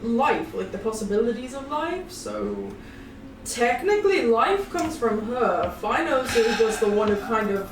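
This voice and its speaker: A woman's voice: on the high side, sing-song, measured pace. A woman running a tabletop game, explaining its lore casually and searching for words as she goes. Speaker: game master. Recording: distant echoey mic with crowd noise behind.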